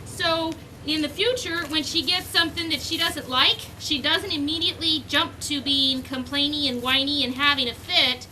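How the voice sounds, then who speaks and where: Brief: high, bright woman, dog breeder talking outdoors, chatty run-on explainer, faint outdoor ambience behind. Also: steady tone, moderate pace, few pauses, a little hiss or hum, rough recording. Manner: run-on explaining, slipping into high sing-song puppy talk. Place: outdoors on a cold sunny morning.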